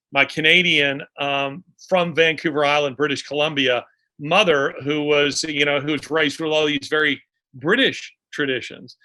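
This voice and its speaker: A man with a slightly high, sharp-toned voice is a guest author in a conversational interview. He talks unhurriedly, with many restarts and fillers.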